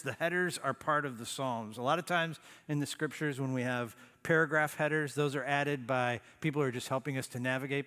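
With a long reverb tail trailing his words, a male pastor preaches forcefully, pausing for drama and abruptly sinking to a hushed, low voice.

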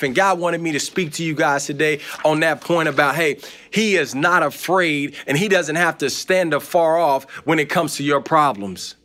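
A man's voice: fairly high pitch, normal speed, bright, forceful tone. A man preaching a sermon in a conversational, encouraging way with playful asides.

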